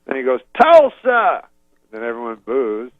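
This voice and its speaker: A man from Canada telling a rambling story in a deadpan, casual way, laughing at his own jokes, over a video call. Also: medium pitch, normal speed, no room sound. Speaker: comedian guest. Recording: dull lo-fi dry sound.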